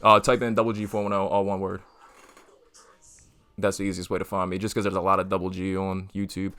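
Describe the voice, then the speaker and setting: A young man with a low, smooth voice that stays fairly flat, talking in an easygoing way as a podcast guest. He rambles a little between thoughts in a relaxed, casual chat. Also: brisk. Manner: laid-back, plugs his channel loudly.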